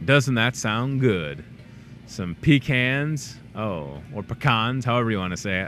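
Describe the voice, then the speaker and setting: A man hosting a local in-store talk show, chatting casually and rambling through plugs, jokes and shout-outs. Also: medium pitch, expressive, moderate pace, soft background music. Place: grocery store.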